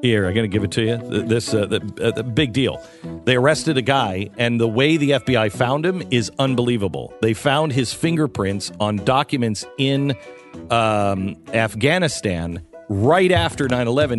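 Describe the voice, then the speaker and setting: A man's voice: medium pitch, lively intonation, moderate pace, faint music behind. A man hosting a talk radio show, trading sarcastic quips with co-hosts and reading ads live. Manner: sarcastic, playful, jumps in with overlapping quips.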